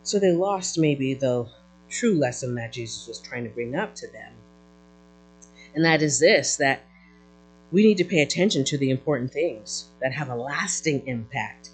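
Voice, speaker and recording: An animated preacher delivers a sermon, the voice swooping up and down on key words. Phrases restart and repeat as the thought builds, with quick call-outs to the listeners. The pitch sits mid-range and moves a great deal. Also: low-quality recording. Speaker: pastor.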